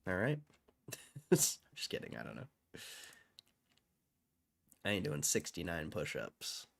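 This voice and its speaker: A man's voice: sits low, huge pitch swings, slow pace, vocal fry, pauses often. A man hosting a livestream, rambling and joking crudely while bored and waiting. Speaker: livestream host. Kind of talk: casual livestream chat.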